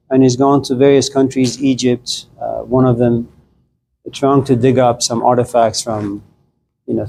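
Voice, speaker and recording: Middle-aged male lecturer, casual storytelling delivery, lively, mid-pitched. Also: a little hiss or hum, poor audio. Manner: conversational, animated, acts out quoted voices. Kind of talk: philosophy lecture with anecdotes.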